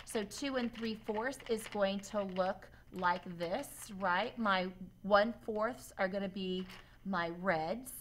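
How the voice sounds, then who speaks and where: A woman's voice: mid-range voice, slow pace, slight background noise. A woman teacher walking students through a math demonstration, upbeat and asking them questions as she goes. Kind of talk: classroom demonstration lesson.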